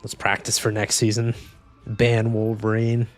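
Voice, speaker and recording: A man's voice: lowish voice, monotone, measured pace, soft background music. A young man talking casually while playing a video game, joking, rambling and swearing freely. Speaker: gaming streamer. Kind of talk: casual gameplay commentary.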